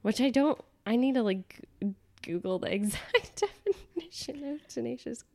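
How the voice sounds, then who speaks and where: A woman's voice: fairly high pitch, moderate pace, gravelly. A young woman co-hosting a podcast in casual chat, with a nasal voice from a cold, talking chattily with lots of fillers. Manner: chatty, animated, frequent laughs and "like" fillers. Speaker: podcast co-host.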